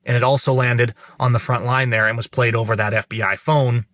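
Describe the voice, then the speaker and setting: A man's voice: mid-range voice, steady tone, fairly quick, fairly bright tone, dry recording. A man hosting an online show, giving emphatic, indignant political commentary to his viewers.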